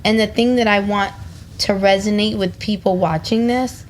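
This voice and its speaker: Brief: female podcast guest, mid-pitched, relaxed and earnest, faint noise behind. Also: moderate pace, low-quality recording. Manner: relaxed, earnest, laughs easily. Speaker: guest, cannabis company co-founder. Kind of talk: casual podcast conversation.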